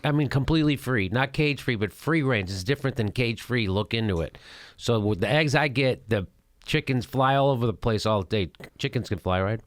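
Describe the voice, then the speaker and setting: In a dry recording, a middle-aged male host with a medium-pitched voice talks fairly quickly while commenting on a video. His casual comedic commentary is jokey and animated, broken up by frequent laughter.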